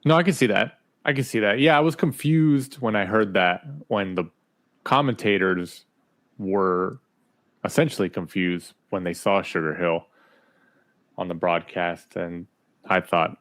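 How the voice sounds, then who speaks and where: Male podcast co-host, lowish voice, curious and questioning, easygoing boxing chat. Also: unhurried, a bit bright.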